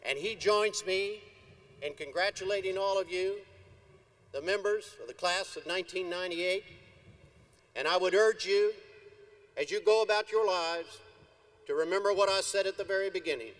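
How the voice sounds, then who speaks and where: A man in his sixties giving a measured, earnest commencement address at a podium microphone. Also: high-pitched, fairly bright tone. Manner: measured, earnest, deliberate delivery. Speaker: commencement speaker. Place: outdoor stadium ceremony. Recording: archival video, faint background noise.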